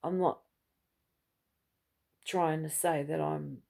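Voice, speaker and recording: A middle-aged woman talks casually to camera, rambling and heartfelt. Her voice is low, gravelly and mellow in tone. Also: fairly even intonation, takes it slowly. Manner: rambling and heartfelt, many restarts. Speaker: vlogger.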